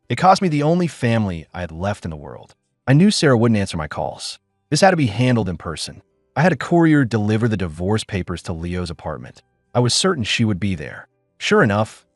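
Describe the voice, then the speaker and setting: A man with a lowish voice narrates a first-person audiobook drama, weary and bitter. His delivery rises and falls expressively, recorded dry and close with faint music underneath. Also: no echo.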